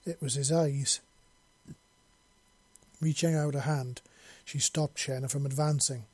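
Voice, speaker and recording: A man reads a science fiction story aloud at a steady, even pace. His voice is husky and mellow, with very little rise and fall. The recording is close and dry. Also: medium pitch, unhurried, no echo. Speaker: audiobook reader. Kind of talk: story narration.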